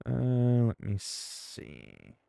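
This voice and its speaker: A man's voice: mid-range voice, very animated, extremely slow, vocal fry, mellow, smooth, dry recording. A man, livestreaming and chatting casually while gaming, rambling and joking playfully. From Canada.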